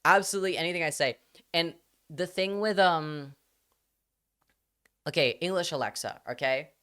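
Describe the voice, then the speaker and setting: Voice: mid-range voice, normal speed, clean tone. Chatty streamer rambling through a story. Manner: rambling anecdote with many fillers, animated quoted voices. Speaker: live streamer. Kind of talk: casual chat to stream audience.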